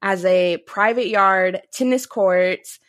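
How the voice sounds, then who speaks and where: A woman's voice: mid-range voice, slow pace, a bit bright, dry recording. A woman in her thirties hosting a podcast in casual chat, loose and chatty, often laughing. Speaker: podcast host.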